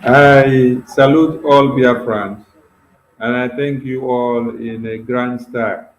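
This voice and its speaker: A man's voice: mid-range voice, steady tone, slow, a little hiss or hum. A man, a minister guest, giving ceremonious closing remarks. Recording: roomy echo.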